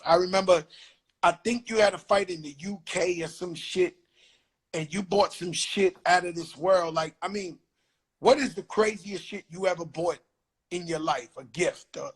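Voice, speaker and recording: A man from the Bronx with a notably high voice chats over a phone video call. He tells street stories in a loose, animated way, swearing freely as he goes. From the Bronx, New York. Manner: animated, swearing, acts out quotes loudly. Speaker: host of a live video chat. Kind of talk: casual storytelling chat. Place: home, live video call.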